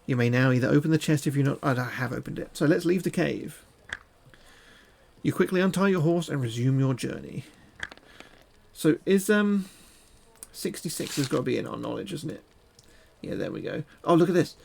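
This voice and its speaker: Gravelly man joking through a gamebook. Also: fairly high pitch, animated, normal speed, long pauses, a little mellow, slight background noise. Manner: crude, joking asides. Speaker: streamer. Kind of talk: reading a gamebook aloud with banter.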